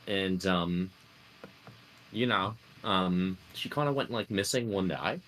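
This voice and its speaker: A man's voice: deep voice, slow, fairly bright tone, slight background noise. A man with a put-on Australian accent telling his character's backstory in a tabletop roleplay, rambling with lots of fillers. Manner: rambling, full of fillers and "mate". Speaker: tabletop player.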